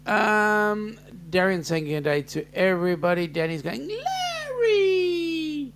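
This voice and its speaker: A man's voice: high voice, steady tone, measured pace, creaky, a bit bright. An Australian man hosting a casual live-stream chat, jokey and chatty as he greets viewers by name and reads out their comments. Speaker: host.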